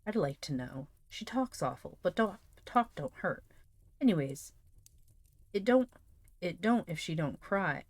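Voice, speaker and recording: A woman's voice: on the low side, big pitch swings, unhurried, a little mellow, no room sound, heavily acted. A woman reading as a sly coaxing boy. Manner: coaxing, wheedling. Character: mischievous young boy, sly persuader.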